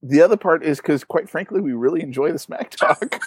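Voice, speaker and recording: A man's voice: a little high, animated, brisk, husky, no echo. A man co-hosting a podcast from his backyard, laid-back and playful, telling casual stories. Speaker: podcast co-host.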